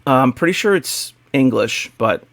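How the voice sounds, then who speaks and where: A man's voice: mid-range voice, expressive, moderate pace, vocal fry, fairly bright tone, dry recording. A man hosting a casual podcast, opening the show in an upbeat, joking way. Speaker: podcast host.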